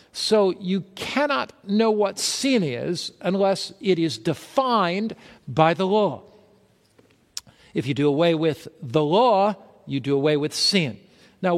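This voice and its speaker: A man preaching a sermon, reading scripture aloud and posing rhetorical questions to his listeners. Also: sits high. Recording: long hall reverb.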